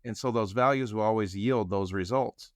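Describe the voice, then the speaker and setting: A man telling a personal story as a podcast guest, acting out the quoted dialogue with lively shifts in voice. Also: on the low side, moderate pace, no echo, studio quality. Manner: animated storyteller who acts out quoted dialogue.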